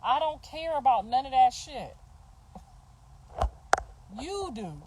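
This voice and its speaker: A woman's voice: high voice, big pitch swings, slow pace, a little mellow, breathy edge, low-quality recording. A middle-aged woman in a heated casual rant, profane and confrontational, laughing between her jabs as a mother defending herself. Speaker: mother ranting on a livestream.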